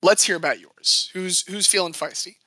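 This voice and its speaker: A woman co-host tells sports stories in a chatty, joking way, her voice bright and forward. The sound is dry and close, with no room around it. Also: fairly low pitch, normal speed, dry recording. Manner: chatty, jokey storytelling. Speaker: podcast co-host. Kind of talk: casual sports history chat.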